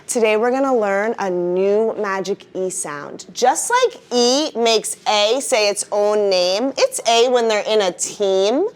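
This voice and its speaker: A woman teaching a first-grade phonics lesson in a classroom, leading the class in call-and-response. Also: medium pitch. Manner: animated, drawn-out teacher voice with call-and-response prompts.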